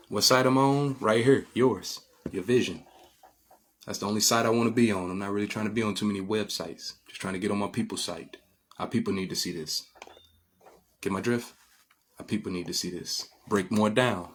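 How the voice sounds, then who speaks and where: A man's voice: on the low side, fairly bright tone. Preachy man with repetitive questions. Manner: preachy, repetitive, asks listeners "get my drift?". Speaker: spiritual teacher. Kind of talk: informal lecture, explaining images.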